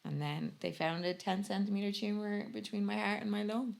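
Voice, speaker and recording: Gravelly young woman. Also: mid-range voice, fairly quick. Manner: chatty, animated storytelling with frequent quoting. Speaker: guest. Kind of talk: casual interview storytelling.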